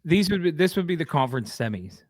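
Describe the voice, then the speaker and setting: A man co-hosting a hockey podcast, telling quick stories in casual chat. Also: on the high side, very animated, a little mellow, dry recording, clean studio sound. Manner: quick, storytelling, mimics people. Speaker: podcast co-host.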